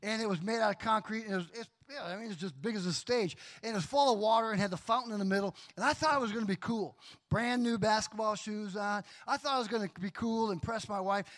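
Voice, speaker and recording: High-voiced animated male pastor. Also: quick pace. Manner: animated storyteller, acts out voices, laughs often. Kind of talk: sermon with personal story.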